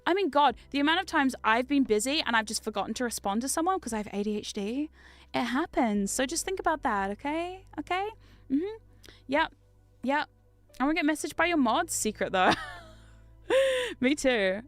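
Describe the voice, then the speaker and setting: A frank, chatty woman with a New Zealand accent who hosts a livestream and laughs easily between points. Her voice sits a little high for a woman and comes through smooth and clear. It is close on a condenser mic in a dry, dead room. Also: expressive, a little fast, dry recording, faint music behind. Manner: chatty and frank, laughs often, swears casually. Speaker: livestream host. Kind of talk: casual livestream chat. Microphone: studio condenser mic.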